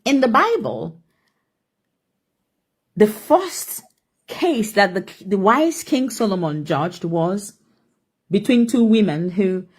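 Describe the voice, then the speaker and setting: A woman retelling a story in a measured, hesitant way, with frequent ums. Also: medium pitch, lively intonation, breathy edge. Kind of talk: storytelling commentary.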